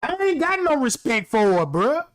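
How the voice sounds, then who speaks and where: A man with a country-sounding voice hosting a stream, ranting in a brash, profane, animated way. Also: very high voice, moderate pace, no echo. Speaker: livestream host. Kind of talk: casual ranting commentary.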